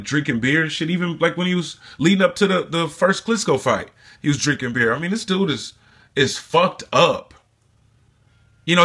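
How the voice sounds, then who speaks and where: A man's voice: medium pitch, bright, forceful tone, husky. A man vlogging his opinions in a loose, rambling rant, swearing often and filling gaps with "you know" and "man". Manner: rambling, profane, frequent fillers. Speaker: boxing commentator vlogger.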